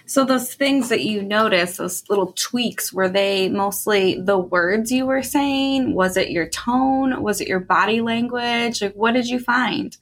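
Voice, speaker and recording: Woman, higher voice, interviewer, slow careful questions.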